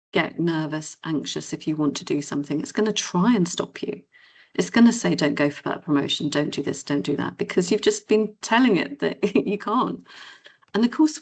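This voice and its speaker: A woman's voice: vocal fry, husky. A middle-aged woman giving a motivational keynote as a confidence coach, talking casually and acting out cheery inner voices. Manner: animated, acts out inner voices in high cheery tones. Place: event hall or conference room.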